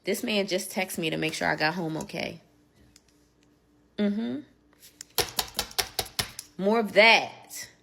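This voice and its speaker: A woman's voice: on the low side, unhurried, creaky, long pauses, noisy background. A woman telling a casual story in a vlog, chatty and emphatic, with sassy asides.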